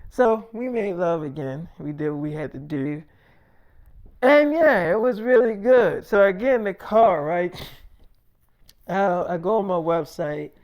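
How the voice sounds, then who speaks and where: A man chats through a long, rambling story in a relaxed, offhand way. He keeps it casual and profane, full of fillers and quick asides. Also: high voice. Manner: loose, profane, laughing, lots of fillers. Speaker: vlogger telling a story.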